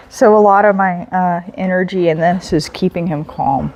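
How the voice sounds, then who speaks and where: A woman dog trainer explaining a training session while giving calm, patient commands and soft praise to a dog. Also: on the low side, normal speed, hardly any pauses, very noisy.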